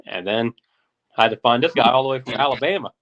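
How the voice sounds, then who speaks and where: A wrestler guest answering interview questions in a hesitant way, with many pauses and ums. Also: male voice, medium pitch, fairly bright tone. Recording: dull lo-fi audio.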